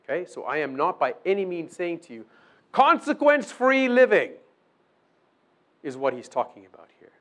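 A man's voice: medium pitch, animated, fast talker, few pauses. A man preaching a conversational sermon, often checking in with his listeners and acting out short exchanges. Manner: acts out short dialogues with the accuser. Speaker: pastor.

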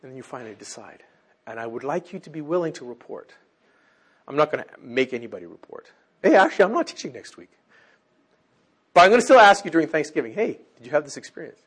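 A husky-voiced man preaching to a congregation, his voice a little higher than most men's. He talks with lively, animated pitch and swings from loud exclamations down to near-whispers. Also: quick pace. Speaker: teacher. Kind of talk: sermon.

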